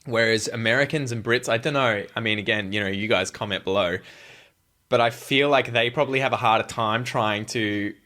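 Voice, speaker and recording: Lively Australian man chatting. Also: fairly low pitch, fairly quick. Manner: animated, laughs often, slips into funny voices for quotes. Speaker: podcast guest. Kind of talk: casual podcast chat.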